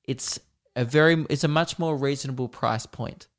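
A polite young female phone store clerk who speaks softly and chooses her words with care, as a man retells her lines. She keeps her answers flat and noncommittal, in a middle-pitched voice. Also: normal speed, natural voice. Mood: cautious. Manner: quiet, careful, noncommittal.

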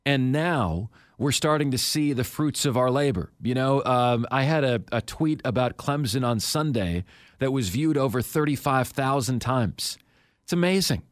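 A man's voice: mid-range voice, lively intonation, moderate pace, no room sound. A man hosting a sports talk radio show, speaking with confidence and emphasis and repeating key points.

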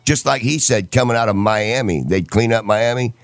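Man from michigan, low voice, rambling casual chat, faint music behind. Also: normal speed, no echo, studio quality. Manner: rambling storyteller with stops and restarts.

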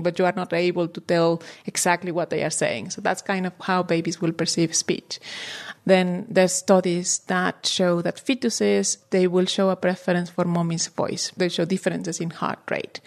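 A woman researcher patiently explaining language development step by step in an interview. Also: lowish voice.

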